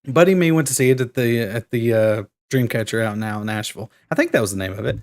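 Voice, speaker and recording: Excitable man telling a story. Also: mid-range voice, quick pace. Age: 30s. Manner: excited storytelling, acts out quotes. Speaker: podcast co-host. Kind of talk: casual chat.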